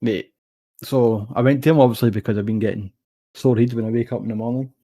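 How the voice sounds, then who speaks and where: A man's voice: mid-range voice, steady tone, fast, dark tone. A young Scottish man co-hosting a podcast, telling a long rambling story in casual chat, swearing freely. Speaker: podcast co-host.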